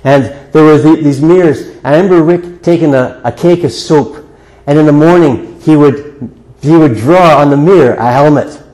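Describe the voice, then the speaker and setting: An older man delivers a sermon in a slightly higher-pitched voice. His preaching is earnest and conversational and leans on repeated rhetorical questions. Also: normal speed, warm tone, rough recording. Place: church sanctuary before a congregation.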